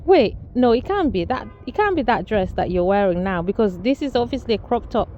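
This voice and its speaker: A woman's voice: medium pitch, expressive, brisk, a little mellow, highs cut off, a little hiss or hum, lightly acted. A woman voicing a cheerful, clueless young husband in a spoken family story. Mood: disbelieving.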